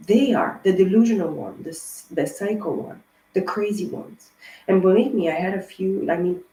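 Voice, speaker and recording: A woman's voice: medium pitch, normal speed, dark tone, slight background noise. A woman giving a tarot card reading in a casual, rambling monologue, talking emphatically and often swearing. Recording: roomy echo.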